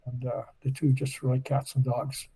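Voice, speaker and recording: In a rough recording, an octogenarian podcast guest from Nova Scotia, Canada, tells long, meandering stories in easygoing conversation. He speaks at a moderate pace in a mid-range, dark, slightly rough voice with a completely flat delivery.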